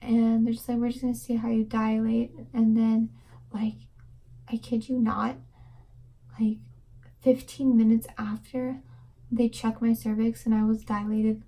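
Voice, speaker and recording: A woman's voice: on the high side, level tone, warm tone, low-quality recording. A young woman vlogger telling a personal story in a casual, rambling way, full of fillers and dipping into whispers. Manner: fast rambling with many fillers, drops to whispers.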